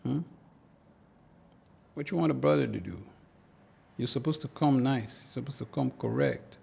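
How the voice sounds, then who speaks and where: A man's voice: mid-range voice, normal speed, creaky, darkish tone, breathy edge, dull audio. A man hosting a live market analysis lesson, talking casually in slang and thinking aloud as he goes. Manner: slangy, thinks aloud, hums and mutters to himself. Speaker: trading educator, livestream host.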